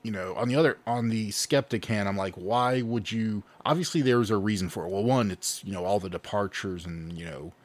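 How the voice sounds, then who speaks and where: A man's voice: on the low side, fairly quick, hardly any pauses. A man co-hosting a podcast, rambling and arguing his points skeptically in casual chat. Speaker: podcast co-host.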